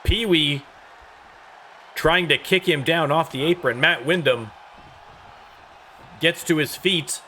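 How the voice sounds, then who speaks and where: A man calling wrestling play-by-play and hosting the show, rattling off moves and rising to shouts on big hits. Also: a little high, takes it slowly, pauses often, a little hiss or hum. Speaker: play-by-play commentator and show host.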